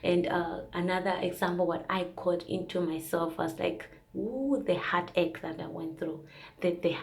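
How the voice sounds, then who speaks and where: A woman's voice: on the low side, steady tone, moderate pace, creaky. A young woman vlogger sharing a casual, earnest faith testimony, rambling with fillers and restarts.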